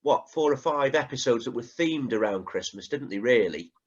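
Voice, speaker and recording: A man's voice: medium pitch, lively intonation, moderate pace. Chatty man on a dull lo-fi call. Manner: chatty, asks for agreement, retells scenes. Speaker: podcast co-host. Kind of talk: casual chat.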